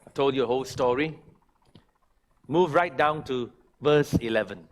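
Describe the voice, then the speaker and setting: A male pastor preaching a sermon, swinging from loud, high emphatic lines to quiet, pleading ones. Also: normal speed. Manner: preaching with big swings from shouting to hushed pleading. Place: church sanctuary.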